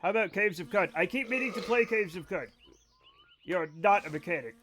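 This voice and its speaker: A man's voice: high-pitched, animated, fairly quick, fairly bright tone, a little hiss or hum. A tipsy man streaming a game and chatting casually with his viewers, blunt and profane.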